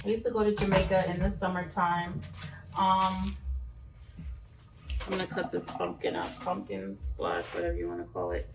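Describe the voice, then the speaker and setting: Recorded from afar with a roomy sound and some background noise, a female cooking vlogger speaks at a medium pitch in an unhurried way with long pauses. She's cooking at home and chatting loosely, full of fillers and false starts.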